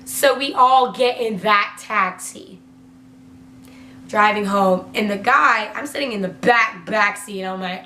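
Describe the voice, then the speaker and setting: A woman's voice: mid-range voice, slow, bright, forceful tone. A young woman telling a story in a casual vlog, chatty and filling her talk with "like" and the odd swear word. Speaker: vlogger. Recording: roomy echo with faint hum.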